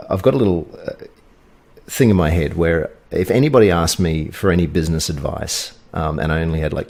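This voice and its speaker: A man's voice: sits low, a little mellow. A man, a guest on a podcast, telling stories casually with lots of fillers and restarts. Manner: rambling, storytelling with fillers and restarts. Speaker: guest, video agency owner.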